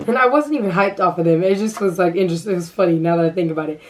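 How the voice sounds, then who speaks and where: A young adult woman vlogger telling a casual storytime, animated and acting out the dialogue. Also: fairly low pitch, rapid-fire, far from the mic, noisy background.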